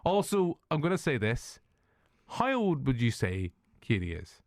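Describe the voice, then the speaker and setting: A man's voice: medium pitch, very animated, unhurried, no room sound, studio quality. A man with a Northern Irish accent hosting a film review podcast, chatting casually, joking, laughing often and swearing. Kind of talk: casual chat.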